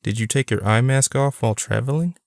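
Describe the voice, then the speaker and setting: A man's voice: medium pitch, brisk, vocal fry, no room sound, clean studio sound, pitched above the performer's own voice, close to an everyday voice. A man voicing a friendly young woman who turns earnest and ominous, in an audiobook. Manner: playful, then earnest and ominous.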